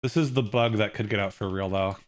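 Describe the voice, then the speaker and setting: A man streaming a game, chatting casually and rambling, swinging from high squealing outbursts to low trailing mumbles, swearing freely. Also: a little fast. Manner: rambling and excitable, jumping into high squeals and mock outrage. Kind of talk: casual livestream chat while gaming.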